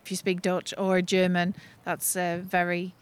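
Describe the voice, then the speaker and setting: Clear, teacherly woman podcast host. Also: on the low side, completely flat delivery, a little slow. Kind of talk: scripted podcast narration and casual chat. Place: back garden.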